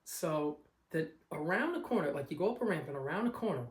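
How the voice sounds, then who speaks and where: A Long Island man who vlogs about collecting cars casually rambles through a story about finding a car, acting out the people in it. His voice is fairly high, expressive and brisk, and the room is echoey.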